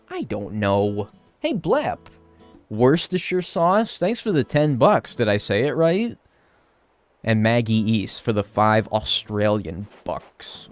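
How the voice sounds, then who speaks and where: Young man, streamer, sarcastic and swearing, very animated pitch, faint music under him. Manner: chatty, sarcastic, swears, reads chat aloud. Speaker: live streamer. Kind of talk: casual live-stream chat while gaming.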